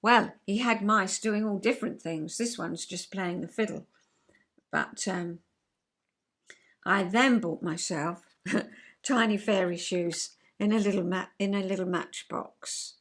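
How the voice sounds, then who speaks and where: The speaker is an older English vlogger in a casual chat to camera, enthusiastic and rambling, with laughter now and then. Her pitch is medium and her pace a little slow.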